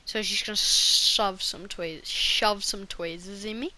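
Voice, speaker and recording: A woman's voice: mid-range voice, fairly even intonation, measured pace, sharp tone. A woman vlogger telling a personal story in a casual, rambling way, full of restarts and fillers.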